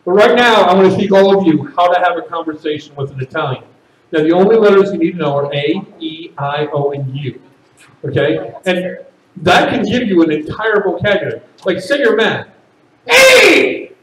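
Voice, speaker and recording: A man performing stand-up comedy at a party, with loud, animated shouted bits. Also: a little high, a little fast, reverberant, distant mic, slight background noise, rough recording.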